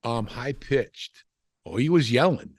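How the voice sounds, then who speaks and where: A man's voice: medium pitch, expressive, slow, dry recording. An older man, a former wrestler, telling stories in a casual interview, rambling with frequent restarts and "you know" asides. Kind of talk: casual storytelling chat.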